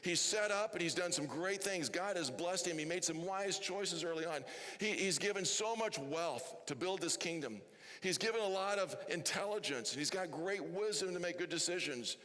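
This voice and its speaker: In a church hall, a man delivers a chatty sermon as pastor, often asking the crowd questions. His voice is high-pitched and a bit bright, with lively intonation, a moderate pace, and a big-room sound.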